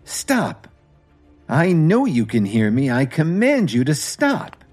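A man voicing an arrogant, jealous rich man who shouts and taunts. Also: medium pitch, very animated, moderate pace, slightly rough, faint music behind. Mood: furious taunting.

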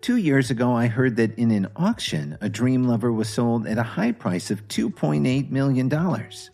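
A man voicing a polite young wife who speaks gently and in a hurry. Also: mid-range voice, animated, gravelly, soft background music. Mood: polite, gentle. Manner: gentle, hurried, placating. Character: young wife, polite and busy office worker.

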